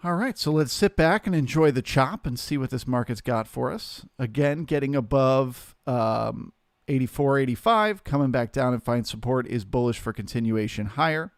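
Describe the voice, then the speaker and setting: Male trading-stream host, gravelly mid-pitched voice, dry close sound, easygoing live commentary. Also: normal speed, no echo. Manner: relaxed, chatty, greets viewers by name.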